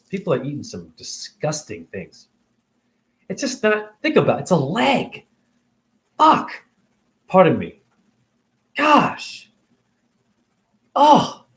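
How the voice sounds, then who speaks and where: A man holding a rambling, emotional spiritual monologue as host of his own stream, preaching at times and dropping into hushed whispers. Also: fairly high pitch. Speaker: livestream host.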